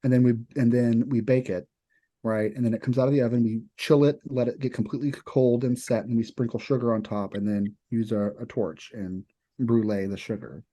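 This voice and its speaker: A young Kentucky man who co-hosts a podcast and works as a chef rambles casually about cooking, his stories heavy with fillers. His medium-pitched voice is steady and warm, and he talks fairly quickly.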